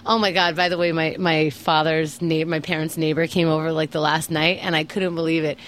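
A woman's voice: low voice, level tone, fairly quick, a bit bright, slight background noise. A woman co-hosting a podcast, teasing her partner and chatting casually. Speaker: podcast co-host. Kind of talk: casual comedic chat.

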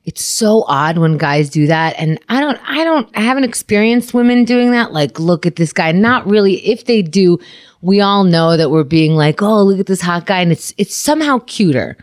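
Wry woman with a lively voice. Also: medium pitch, normal speed. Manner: wry, reactive, lively banter. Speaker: podcast co-host. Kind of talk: casual chat.

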